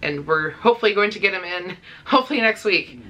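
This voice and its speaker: A woman's voice: mid-range voice, lively intonation, fast, fairly bright tone, highs cut off. A woman in her thirties talking casually to camera in a pet vlog, chatty and rambling, with fillers and small laughs. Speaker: pet vlogger.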